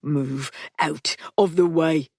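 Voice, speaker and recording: A woman voicing a rough, commanding male gangster who speaks firmly and slowly. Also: low voice, steady tone, darkish tone, no echo, studio quality, exaggerated voice.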